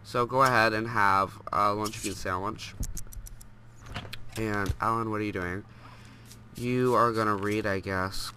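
A man's voice: fairly low pitch, steady tone, measured pace, pauses often, sharp tone, a little hiss or hum. A young man with a stuffed-up nose, rambling casually through gameplay commentary and scolding the characters on screen. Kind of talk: casual let's play commentary.

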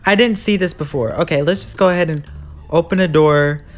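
Medium in pitch and fairly quick, this voice belongs to a sassy, easily startled horror-game streamer. They shriek when scared, exclaim the same things over and over, and mouth off at the villain.

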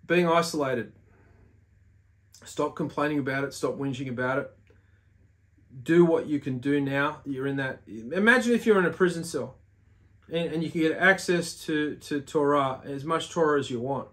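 A man with a voice a little higher than most men's, talking straight to his viewers. He teaches in a loose, earnest, exhorting way, pressing his points home and leaning on frequent "uh" fillers as he goes. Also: normal speed, long pauses, a bit bright. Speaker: religious video host. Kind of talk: casual religious teaching monologue.

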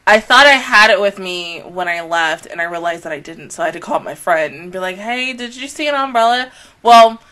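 A woman in her late twenties talking casually as an anime reaction host, slangy and animated, laughing often and swinging between loud squeals and soft murmurs. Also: on the low side.

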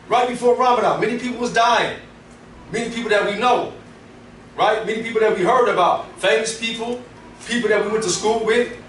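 A man giving a Friday sermon in a relaxed, conversational way, often checking in with "right?". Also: high voice, a little hiss or hum. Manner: conversational, frequent "right?" tags. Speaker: preacher. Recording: echoey room, mic at a distance.

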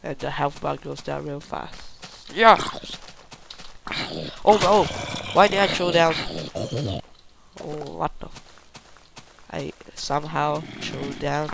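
A young man giving excited, swear-filled live commentary while playing a game, often yelping in panic. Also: fairly high pitch, slow, gravelly, long pauses, noisy background. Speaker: gamer.

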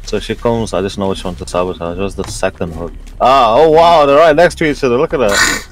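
A man's voice: on the low side, fairly quick, low-quality recording. A man giving running gameplay commentary, talking to himself and swearing as he plays. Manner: swears often, talks to himself while playing. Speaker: gamer.

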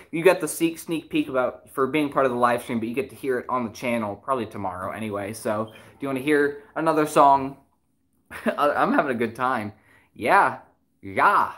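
Casual livestream chat, giggly, excitable, rambling, middle-pitched voice, musician host.

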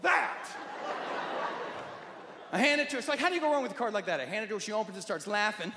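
A man from Nebraska doing animated, jokey stand-up comedy in front of a live audience. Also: sits high, racing, background noise. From Nebraska, USA. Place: large venue with audience. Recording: live in an echoey hall. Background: loud audience laughter.

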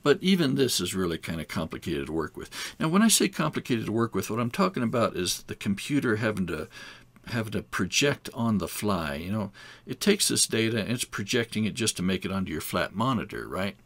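A man's voice: on the low side, very animated, a little fast, fairly bright tone, dry recording. A man giving a recorded lecture as an instructor, talking in a conversational way with wry asides.

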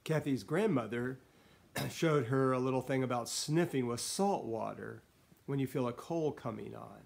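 A middle-aged man, a pastor, giving a midweek devotional talk, reading scripture in an earnest way and often clearing his throat. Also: medium pitch, moderate pace, darkish tone.

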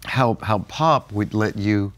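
A man's voice: fairly low pitch, slow, fairly bright tone. An older man co-hosting a Bible-teaching chat, telling stories and laughing often. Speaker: co-host.

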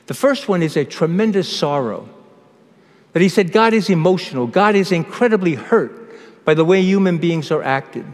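Male priest, fairly high voice, measured homily delivery, long church echo. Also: expressive. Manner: measured preaching with pauses and restarts.

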